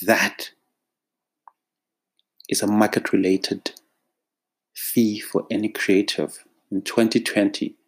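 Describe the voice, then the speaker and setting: South African male creative, direct-to-camera monologue; deliberate, exasperated delivery, low-pitched and unhurried. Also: flat delivery, slightly rough. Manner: emphatic, exasperated, drawn-out phrasing. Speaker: freelance creative professional.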